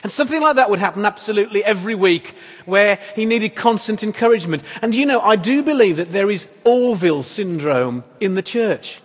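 A man's voice: sits high, expressive, a little fast, few pauses. A man preaching a sermon as pastor, in a conversational, wry style full of rhetorical questions. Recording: echoey hall reverb.

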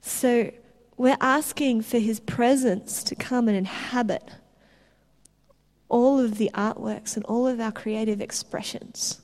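A woman preaching a sermon, telling stories in an animated way with restarts. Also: a little high, slow pace. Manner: animated storytelling with laughs and restarts.

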